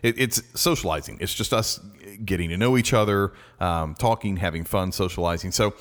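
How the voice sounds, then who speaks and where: A man with a very low voice co-hosting a casual podcast. He talks in an easygoing, rambling way, full of ums and restarts. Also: a little fast. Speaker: podcast co-host. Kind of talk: casual chat.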